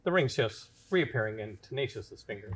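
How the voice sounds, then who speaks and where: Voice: medium pitch, lively intonation, moderate pace. A host narrating stage directions, then chatting easily with the cast.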